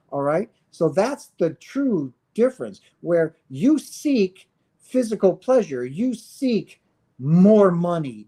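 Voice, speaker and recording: A man's voice: on the high side, a little mellow. A man in his fifties from the United States, talking casually and earnestly about spirituality to his viewers, often asking "right?" and swearing now and then. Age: 50s. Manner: earnest, preachy, peppered with "right?" and profanity. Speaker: spiritual streamer.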